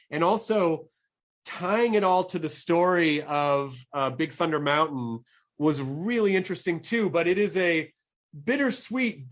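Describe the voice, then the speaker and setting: Rambling eagerly through his ideas with lots of restarts, a middle-aged man hosts a casual interview podcast. His voice is on the high side and a bit bright.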